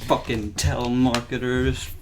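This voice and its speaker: A man's voice: medium pitch, little pitch movement, a little slow, very noisy. A young man hosting a casual podcast chat, telling stories conversationally, laughing often and swearing freely. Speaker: podcast host.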